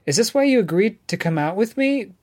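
A man reading an audiobook, voicing a defensive young woman with a raised pitch and clipped, evasive replies. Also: expressive, a little fast. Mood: irritated. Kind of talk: audiobook dialogue.

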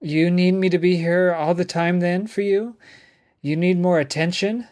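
A man reading an audiobook, voicing a defensive young woman with a raised pitch and clipped, evasive replies. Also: fairly even intonation, normal speed, darkish tone, natural voice. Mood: irritated. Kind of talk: audiobook dialogue.

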